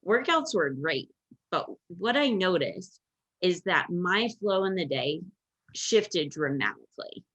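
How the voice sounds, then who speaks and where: Low-voiced woman host, dull lo-fi sound. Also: sing-song, slow, fairly bright tone. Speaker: podcast host. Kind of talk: casual chat.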